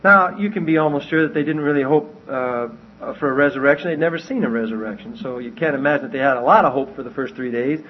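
A man's voice: mid-range voice, fast talker, a little hiss or hum. A man teaching verse by verse from the Bible in a conversational way, often asking his listeners questions. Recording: dull lo-fi recording.

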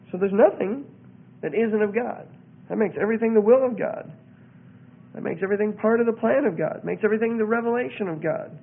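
A man's voice: sits high, lively intonation, a little fast, gravelly, slightly rough. A man teaching on religion in an earnest sermon style, reading out passages and commenting on them. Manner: earnest, reads out and comments, acts out quoted voices. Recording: narrow phone-like radio sound.

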